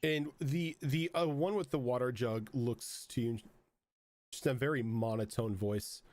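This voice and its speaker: A man's voice: medium pitch, steady tone, a little slow, darkish tone, no room sound. A man narrating as game master of a tabletop game, rambling with frequent fillers.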